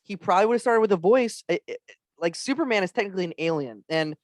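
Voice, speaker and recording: A man chatting as a podcast guest, swearing freely, laughing often and dropping into quick impressions. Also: sits high, expressive, no room sound, clean studio sound. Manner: profane, laughs a lot, does impressions. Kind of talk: casual chat.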